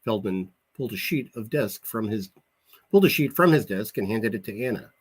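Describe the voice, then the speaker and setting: A male author reading his own novel aloud in an expressive storytelling manner, with a husky voice. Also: lowish voice, fairly quick, poor audio.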